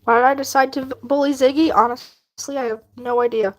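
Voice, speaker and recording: A woman with a high voice streams while she works on a drawing and chats with her viewers. She talks casually and playfully, teases, and laughs a lot. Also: fairly even intonation, a little fast. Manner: playful, teasing, laughs often, answers chat.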